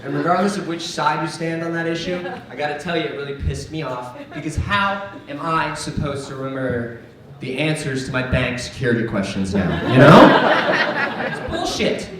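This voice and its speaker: A young man doing a stand-up comedy set on a club stage, sardonic and animated, jumping into voices. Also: on the high side, moderate pace, far from the mic, heavy background noise. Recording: echoey club with crowd laughter. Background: crowd laughter.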